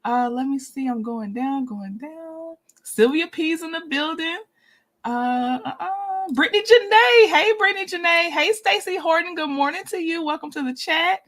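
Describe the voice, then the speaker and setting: A woman's voice: very high voice, moderate pace, a bit bright. A woman hosting a casual livestream, chatting and laughing often as she greets her viewers one by one by name. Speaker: livestream host.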